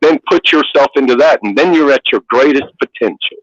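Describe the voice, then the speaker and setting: A man's voice: mid-range voice, a little fast, no room sound, lo-fi sound. A man calling into a show, rambling and repeating himself as he preaches. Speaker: caller. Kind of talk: preachy call-in rant.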